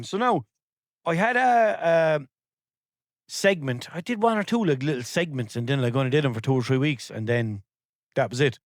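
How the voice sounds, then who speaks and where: A man's voice: medium pitch, dry recording, clean studio sound. A man with a Limerick Irish accent hosting his own podcast, rambling cheekily and swearing freely. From Ireland. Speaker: podcast host. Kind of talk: casual podcast monologue.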